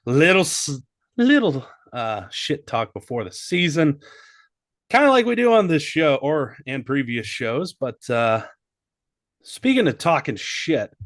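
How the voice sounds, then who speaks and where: A man's voice: fairly high pitch, sing-song, unhurried, fairly bright tone, dry recording. A man co-hosting a casual comedy podcast, joking crudely and riffing. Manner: joking, crude, slips into mock English accent. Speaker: podcast co-host.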